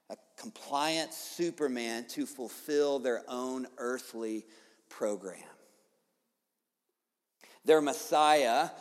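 A man preaching a sermon as pastor, in an animated, conversational way with quick casual asides. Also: mid-range voice. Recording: long hall reverb.

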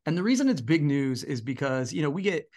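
Podcast cohost guy, kinda high voice, laid back and chatty, lots of ums. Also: very animated, brisk, darkish tone. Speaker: podcast co-host. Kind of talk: casual podcast chat.

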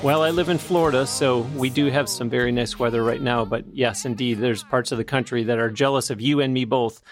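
A man's voice: medium pitch, brisk. A man hosting an interview show, introducing his guest in a polished, friendly way and asking questions. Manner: polished, friendly announcer-like delivery. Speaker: podcast host. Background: guitar music.

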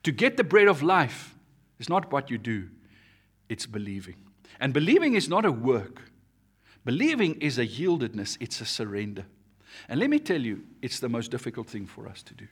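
A man preaching an earnest sermon, rising and dropping in pitch and volume as he makes his points. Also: sing-song, moderate pace, fairly bright tone, husky. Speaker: pastor.

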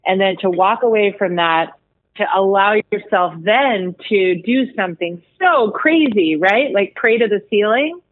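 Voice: mid-range voice, lively intonation, measured pace, no room sound. A podcast host reflecting thoughtfully on a guest's story in long, affirming sentences. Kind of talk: reflective interview talk. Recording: dry phone-like line.

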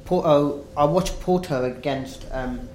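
A man's voice: on the high side, unhurried, a little mellow, a little hiss or hum, poor audio. A man from England chatting casually about football as a co-host, hesitant, with frequent restarts. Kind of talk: casual chat.

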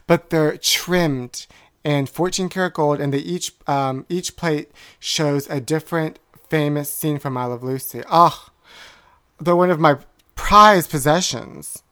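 A woman's voice: deep voice, measured pace, a bit bright. A woman co-hosting a talk show, chatty and dramatic, telling stories in casual chat. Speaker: podcast co-host.

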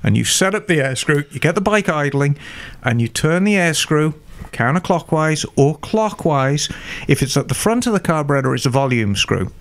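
An older English man, a motorcycle mechanic expert, confidently walks through carburetor tuning step by step in a casual chat. His voice is a little high, with big pitch swings and a moderate pace.

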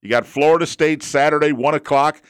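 A man's voice: on the high side, steady tone, brisk, clear, resonant tone, no room sound. A man hosting a sports talk show, chatting in an opinionated way and repeating his points for emphasis. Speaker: sports radio host.

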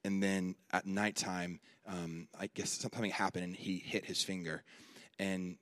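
A man preaching a sermon at a conference, with slow, deliberate phrasing, repeated lines and loud, emphatic peaks. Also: low voice, flat delivery, dry recording.

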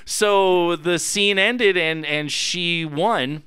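A man's voice: high-pitched, drawn-out words, pushed and bright, smooth, dry recording, studio quality. A man hosting a casual live talk show, telling a candid story with plenty of swearing and laughter. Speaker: host.

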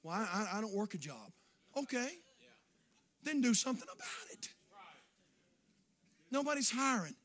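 High, bright-voiced preacher man. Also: sing-song, moderate pace, pauses often. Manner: folksy, swings between quiet asides and shouting. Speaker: pastor. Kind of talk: sermon.

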